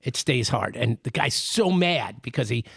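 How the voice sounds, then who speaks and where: Gravelly, animated man telling jokes. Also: medium pitch, normal speed, dry recording, clean studio sound. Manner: rambling, self-amused joke telling. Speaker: podcast co-host, joke teller. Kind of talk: casual podcast banter.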